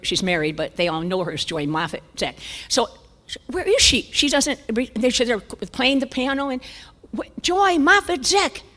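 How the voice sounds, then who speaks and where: A woman's voice: mid-range voice, moderate pace. An older woman, speaking at a church conference and telling a funny story, acting out the voices with sudden jumps up and down to whispers. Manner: animated, acts out dialogue with voice jumps and whispers. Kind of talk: humorous storytelling talk. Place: church sanctuary. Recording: long church hall reverb.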